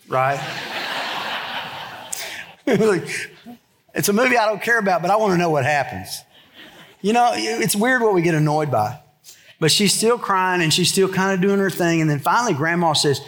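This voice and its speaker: A man preaches a sermon from the pulpit. His voice sits a bit high, and he talks like he's telling a story to friends, then sinks low and quiet when he makes his serious points. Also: moderate pace. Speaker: pastor.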